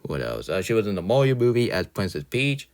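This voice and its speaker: A man with a very low voice gives an offhand, opinionated film review. He rambles, backtracks with quick apologies, and slips into little rants. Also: big pitch swings, darkish tone, smooth. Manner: rambling, often corrects himself with "sorry"; opinionated, ranting at times. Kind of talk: casual spoken movie review.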